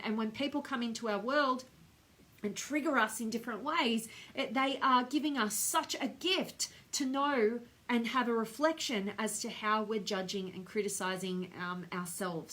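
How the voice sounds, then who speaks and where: Bright, high-voiced Australian woman host. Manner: effusive, gushing with affection. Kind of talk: live-stream sign-off reading viewer comments.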